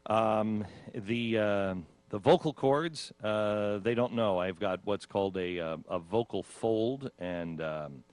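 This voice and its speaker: A man's voice: lowish voice, takes it slowly, hardly any pauses, a little mellow, no echo. A man hosting a radio talk show, casually telling of his own ordeal and acting out his own panicked reactions with laughs. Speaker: radio host.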